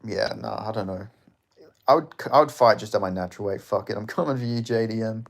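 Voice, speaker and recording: A man's voice: lowish voice, brisk, gravelly. Joking, sweary Australian man. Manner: loose and joking, swears often, laughs between lines. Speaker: livestream host. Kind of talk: casual livestream chat, reading viewer comments.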